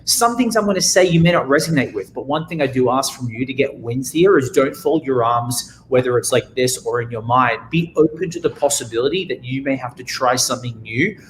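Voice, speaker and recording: An Australian man giving an energetic motivational talk as a guest speaker, often acting out what people say. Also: medium pitch, fairly quick, few pauses, a little hiss or hum, low-quality recording. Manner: energetic, animated, acts out quotes.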